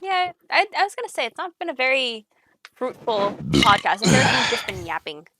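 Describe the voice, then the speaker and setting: Female podcast host, casual and teasing, lively higher voice, dry close recording. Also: fairly quick, no room sound. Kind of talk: casual chat.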